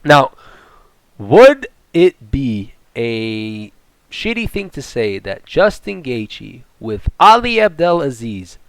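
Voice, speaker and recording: A young man giving profane, rambling and excitable commentary on a fight. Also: mid-range voice, takes it slowly, dry recording. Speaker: MMA commentator. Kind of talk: ranting casual commentary.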